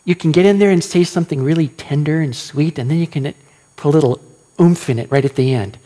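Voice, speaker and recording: A man preaching a sermon as pastor, animated and questioning his listeners, acting out quoted lines. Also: a little high, fairly quick.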